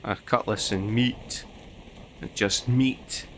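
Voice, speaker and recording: A man's voice: lowish voice, fairly even intonation, slow, over music. A man giving casual gameplay commentary, muttering to himself with dry asides and the odd curse. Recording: noticeable background noise.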